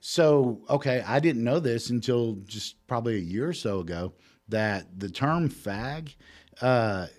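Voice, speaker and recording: A man's voice: medium pitch, lively intonation, a little slow, a little mellow. A man chatting casually on a podcast, telling crude stories in a loose, rambling, profane way. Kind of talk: casual chat.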